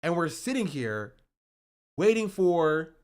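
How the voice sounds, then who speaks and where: A man's voice: fairly high pitch, sing-song, slow pace, a little mellow. A man streaming, telling a travel story in rambling casual chat and checking in with "right?" as he goes. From United States. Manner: rambling, keeps asking "right?" and "you know?".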